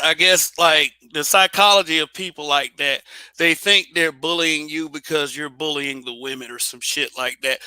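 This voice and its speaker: A man holds forth alone in a blunt, casual monologue, swearing freely and tripping over restarts. His voice sits a little high and rings very bright, and the recording is dry and close. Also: clean tone, no echo. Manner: blunt, repetitive restarts, profane. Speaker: channel host.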